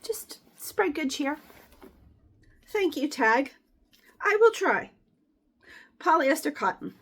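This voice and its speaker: A woman's voice: sits high, very animated, takes it slowly, fairly bright tone. A woman chatting casually and rambling as she sorts and resells clothing, sometimes dropping to whispered asides. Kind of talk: casual chat while sorting clothes.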